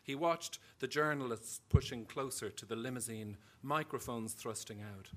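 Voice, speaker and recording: A man with an Irish accent, an author reading his own fiction aloud at a live event in a measured storytelling way. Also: medium pitch.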